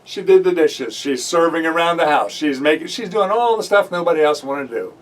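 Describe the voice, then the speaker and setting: A man preaching with a high, lifted voice, retelling a scripture story and slipping into the voices of its characters. He hammers points home through repetition. The recording catches him from a distance, away from the mic. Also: brisk. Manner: animated storytelling, acting out the voices of biblical figures; drives points home by repeating phrases. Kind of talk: sermon.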